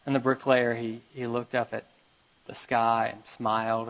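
A man preaching a sermon, reading scripture aloud and telling a parable, moving between loud urgent passages and quiet hushed ones. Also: medium pitch, level tone, moderate pace, rough recording. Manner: reads scripture aloud and tells a parable with kid voices. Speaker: pastor.

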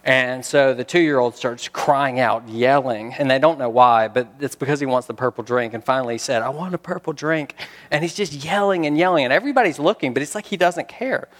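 A man's voice: mid-range voice, a little fast, hardly any pauses, in a large hall. A man preaching a sermon, reading scripture and talking in a conversational way with rhetorical questions. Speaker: pastor.

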